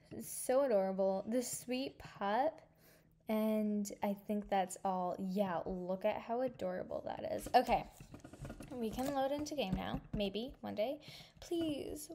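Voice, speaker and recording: A woman hosting a gaming video, gushing and excitable with frequent gasps, thanking her viewers warmly. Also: high-pitched, measured pace. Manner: sentimental thank-yous to viewers. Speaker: gaming channel host. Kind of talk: casual gameplay commentary.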